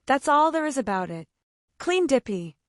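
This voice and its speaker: A pudgy, hot-tempered old uncle, as a woman narrator plays him, snorting out angry bluster. The reading swings with lively pitch and sounds dry and close. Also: moderate pace, no echo.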